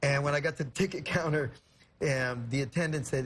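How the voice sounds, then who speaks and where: A young man from California, a guest in a TV studio, speaks briskly in a voice on the high side. He tells an emotional story earnestly and reflectively, using many "you know" fillers, with slight background noise.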